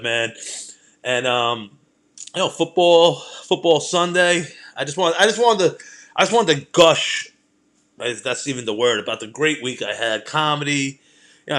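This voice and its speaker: A man, hosting a comedy podcast and telling rambling, profane stories in a casual monologue. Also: medium pitch. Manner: profane, rambling, animated anecdotes.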